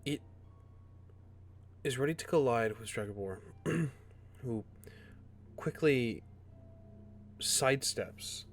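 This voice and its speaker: A man narrating a tabletop fantasy game as game master, with measured, formal replies to the players. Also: mid-range voice, lively intonation.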